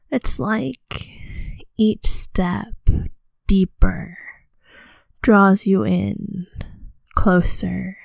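A woman voicing a commanding female vampire in a slow, breathy whispered role-play. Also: medium pitch, dry recording, exaggerated voice. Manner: slow hypnotic countdown, commanding.

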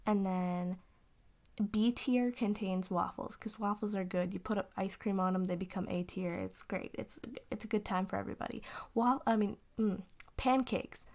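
A woman's voice: medium pitch, gravelly, darkish tone. A young woman, an audio role-play creator, answering questions in a rambling, giggly casual chat. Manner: rambling and giggly, often trailing off with fillers.

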